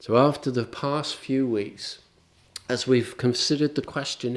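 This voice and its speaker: A man's voice: mid-range voice, steady tone, unhurried. Wry, conversational male preacher. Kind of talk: sermon.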